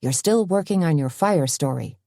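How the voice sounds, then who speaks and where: Lady reading as a no-nonsense cafe owner, firm and dry, low mellow voice. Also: lively intonation, normal speed, gravelly, dry recording. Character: no-nonsense female cafe owner, middle-aged. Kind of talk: audiobook character voice.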